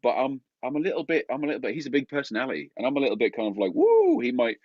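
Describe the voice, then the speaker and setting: A man's voice: medium pitch, rapid-fire, no room sound, lo-fi sound. A man with a Suffolk accent co-hosting a festival stream, bantering casually and jokingly, calling people mate. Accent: Suffolk English. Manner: jokey, laughing, chummy, calls people mate. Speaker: co-host of a harmonica festival stream.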